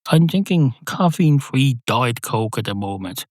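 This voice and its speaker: A man hosting a podcast, delivering a rambling comic monologue in a digressive, deadpan, self-mocking way. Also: mid-range voice, moderate pace, no room sound. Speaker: podcast host.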